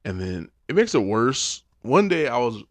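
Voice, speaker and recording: A man's voice: mid-range voice, very animated, moderate pace, no room sound. A man hosting a podcast, telling a rambling, profane comic story full of "like". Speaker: podcast host. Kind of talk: casual comedic storytelling.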